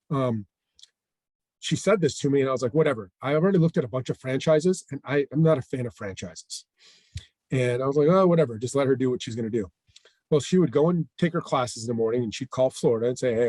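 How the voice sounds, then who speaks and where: A middle-aged man tells a story in a relaxed, conversational way. His voice sits at an ordinary pitch, and he bounces into the quoted lines of others. The sound is dry and close, with little room around it. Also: dry recording. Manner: animated, acts out quoted dialogue. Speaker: franchise owner guest. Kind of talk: storytelling interview chat.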